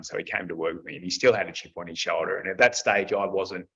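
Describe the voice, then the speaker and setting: Male guest, deep husky voice, blunt and candid, swears, dull lo-fi sound. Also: fairly even intonation, fast talker, a bit bright. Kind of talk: casual storytelling in conversation. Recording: dull lo-fi recording.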